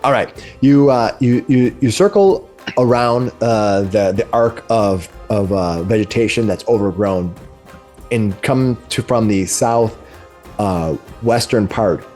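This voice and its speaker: A man narrating as game master of a tabletop game, halting often mid-phrase. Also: fairly low pitch, darkish tone, faint music behind. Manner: halting, many fillers and restarts.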